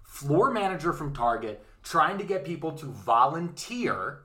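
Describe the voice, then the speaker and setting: Brief: male podcast co-host, bright lively delivery, swearing storyteller, echoey room. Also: fairly high pitch, normal speed. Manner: profane, animated retelling with modern workplace analogies. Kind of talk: casual comedic history storytelling.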